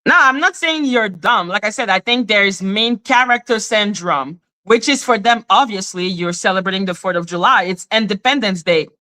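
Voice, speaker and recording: A Canadian woman on a live stream, ranting emphatically in casual talk, swearing and mimicking other people in high voices. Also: normal speed, hardly any pauses, pushed and bright. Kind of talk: heated casual rant.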